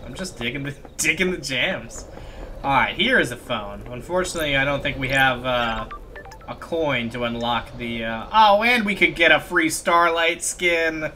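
A man's voice: mid-range voice, animated, normal speed, sharp tone, a little hiss or hum. A man casually commenting on a game he is playing, rambling and laughing as he explores. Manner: chatty, giggly, rambling. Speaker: let's play host.

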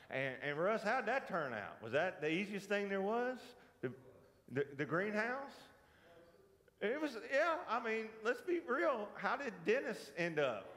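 A Southern US man leads a church Bible class in a high, very lively voice that swoops up and down. He talks in a folksy, joking way and keeps throwing questions at the room. The sound rings with a long echo from the church hall. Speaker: Bible teacher. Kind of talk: casual church Bible lesson.

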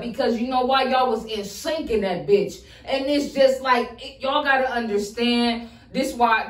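A woman hosting a reaction show who talks excitedly and profanely straight to her viewers. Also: medium pitch, far from the mic. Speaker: host reacting to rap freestyles. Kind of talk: casual reaction commentary. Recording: roomy sound, mic set back.

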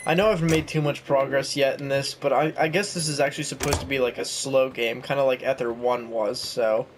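A man's voice: medium pitch, fairly even intonation, fairly quick, noisy background. A young man chatting casually and self-mockingly while playing a game. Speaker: gaming YouTuber. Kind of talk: casual let's-play commentary.

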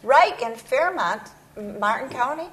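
A woman's voice: high voice, lively intonation, measured pace, a bit bright, low-quality recording. A woman co-hosting a local TV interview, chiming in with encouraging follow-up questions. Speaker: co-host.

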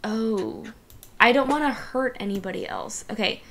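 A young woman playing a tabletop game with friends, bubbly and quick to cheer. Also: a little high, fairly bright tone, slight background noise. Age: young adult. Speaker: player. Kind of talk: casual tabletop play.

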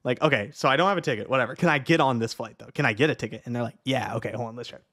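A young man casually retelling a frustrating travel story, animated, swearing and laughing as he acts out both sides of the conversation. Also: medium pitch, racing. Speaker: vlogger.

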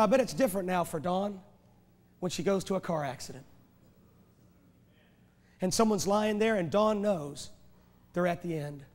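High-voiced impassioned revival preacher. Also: male voice. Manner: impassioned, hammering rhetorical questions and repeated phrases. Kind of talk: revival sermon. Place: large church sanctuary. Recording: echoey church hall from a VHS tape.

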